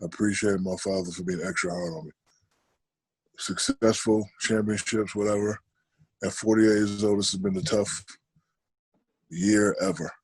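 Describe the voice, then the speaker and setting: Husky low-voiced man in his forties. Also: fairly even intonation, no room sound, low-quality recording. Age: 40s. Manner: loud and teasing in banter, slow and reflective when serious. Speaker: podcast guest. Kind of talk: casual chat over a video call. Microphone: video call.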